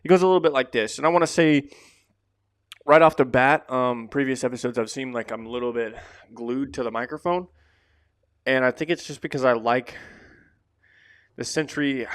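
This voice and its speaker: Podcast host, male, smooth voice, dry close-mic sound, loose rambling delivery. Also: medium pitch, normal speed, long pauses, no echo. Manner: loose, rambling, drops casual fillers. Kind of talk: casual solo podcast talk. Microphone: close to the microphone.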